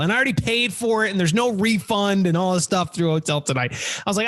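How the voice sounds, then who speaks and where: A man's voice: sits high, brisk, no echo. A man in his thirties hosting a podcast, telling a story in casual chat, swearing and acting out the people in it. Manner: animated, swears a lot, acts out quoted people. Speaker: podcast host.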